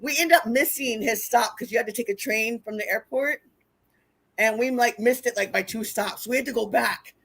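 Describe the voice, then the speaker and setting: A woman telling wild road stories in casual chat, animated and profane, acting out what people said. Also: a little high, normal speed, vocal fry, slightly rough. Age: older. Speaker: wrestling interview guest. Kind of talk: casual storytelling.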